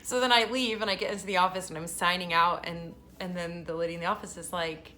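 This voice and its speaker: A woman's voice: fairly low pitch, steady tone, fast talker, sharp tone. A woman, a mother of a special-needs daughter, talking casually in a personal vlog, emotional and laughing often as she tells her story.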